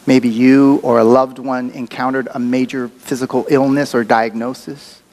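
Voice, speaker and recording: A man's voice: mid-range voice, little pitch movement, normal speed, a little mellow. A man preaching a sermon as a pastor, talking in a conversational, reflective way with occasional fillers.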